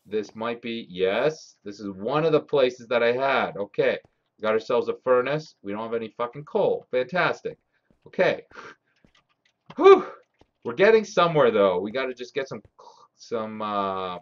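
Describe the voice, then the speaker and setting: A man streaming a game live, talking to his chat and swearing often as he grows frustrated. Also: fairly low pitch. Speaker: gaming streamer. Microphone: desk mic. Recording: slightly dull lo-fi stream audio.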